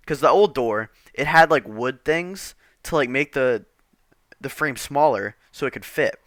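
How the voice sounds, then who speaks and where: A man's voice: mid-range voice, lively intonation, unhurried, fairly bright tone, dry recording, studio quality. A man telling a rambling, profane storytime, exasperated and casual.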